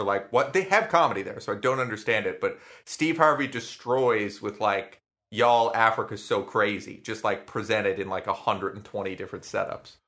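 A man's voice: medium pitch, bright, forceful tone. Rambling, swearing young podcast guy. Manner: rambling, profane, lots of fillers. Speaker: podcast co-host. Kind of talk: casual chat.

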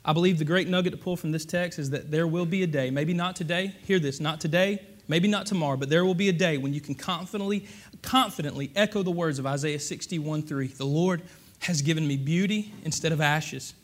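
A man preaching a sermon, animated and conversational, asking the congregation rhetorical questions. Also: a little high, a little fast. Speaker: pastor.

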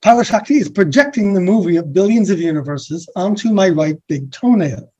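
A man from the USA, speaking as a guest in a reflective spiritual conversation, rambling softly with many restarts and fillers. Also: sits high, expressive, fairly quick. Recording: dull lo-fi recording.

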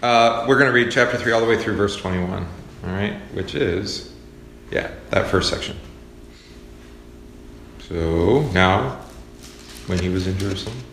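Low-voiced man teaching a Bible class. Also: unhurried, long pauses, slight background noise. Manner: relaxed and conversational, with many fillers. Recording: echoey hall with faint ambience.

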